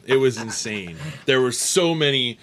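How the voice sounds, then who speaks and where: A man's voice: medium pitch, expressive, unhurried, a bit bright, a little hiss or hum. A man hosting a casual chat show, telling stories in a rambling way with many restarts and laughs. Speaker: host.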